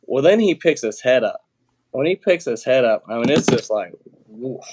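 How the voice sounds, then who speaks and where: Speaking at a medium pitch and a moderate pace, this male podcast guest spins a casual story against a noisy background. He's relaxed and plainspoken, wandering through fillers and restarts and swearing offhandedly now and then.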